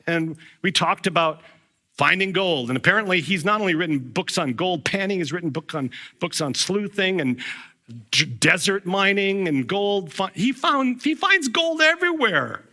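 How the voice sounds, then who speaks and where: A man's voice: sits high, lively intonation, moderate pace, sharp tone. A middle-aged man preaching a sermon as a pastor, telling a personal story in a conversational way with frequent restarts.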